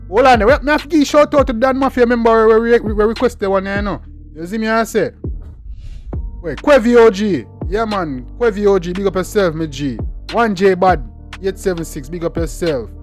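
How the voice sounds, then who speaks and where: A young man with a Jamaican accent hosting a casual music reaction, bantering in patois with repeated "you see me" refrains. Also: high voice. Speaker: reaction channel host.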